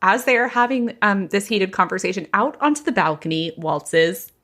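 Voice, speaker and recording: A young adult woman hosting a podcast, telling a gossip story casually and quoting people in quick asides. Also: mid-range voice, lively intonation, fairly bright tone.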